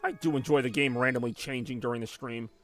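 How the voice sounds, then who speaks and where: A man's voice: mid-range voice, fast talker, a bit bright, faint music behind. A young man chatting casually and rambling while he plays a video game on a live stream. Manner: rambling, conversational, many fillers.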